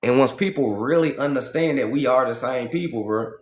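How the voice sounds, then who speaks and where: A man from Georgia, holding forth in a casual livestream monologue, animated and full of profane slang. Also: mid-range voice, fairly quick. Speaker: livestream host.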